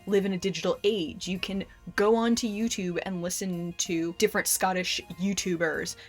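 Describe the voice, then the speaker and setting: A woman's voice: medium pitch, fairly even intonation, moderate pace, faint music behind. A woman vlogger chatting casually to camera in a friendly way, speaking directly to her viewers.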